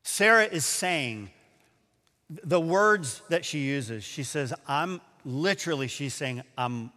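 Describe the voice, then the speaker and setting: A man preaching a sermon, telling a story with animated acted-out quotes and laughing at himself. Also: fairly high pitch, takes it slowly. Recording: echoey hall.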